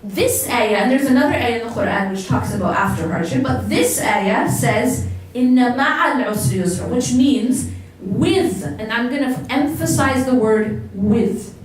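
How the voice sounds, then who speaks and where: A woman with a fairly high voice gives a religious lecture, speaking conversationally and turning to the audience with questions. Her voice rings through a very echoey hall and is captured from some distance away, with faint noise underneath. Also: expressive, a little slow, few pauses.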